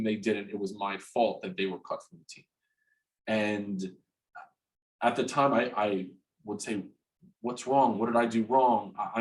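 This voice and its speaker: Interviewed as a guest, this forties-aged man from New Jersey stumbles through an open, candid personal story, starting over, repeating himself, and cursing freely. He speaks somewhat low, and the audio quality is poor.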